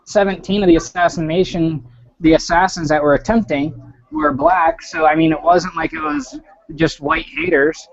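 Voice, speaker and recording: Gravelly, animated man over crowd noise. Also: high-pitched, moderate pace, dull audio. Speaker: caller in a group voice chat. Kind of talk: casual conspiracy talk.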